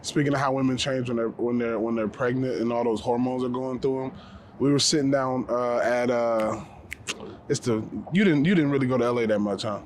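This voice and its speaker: A man telling stories outdoors in a relaxed casual chat, swearing and repeating words as he goes. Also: medium pitch, fairly quick, a little hiss or hum. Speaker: podcast co-host on a fishing trip. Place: outdoors by water.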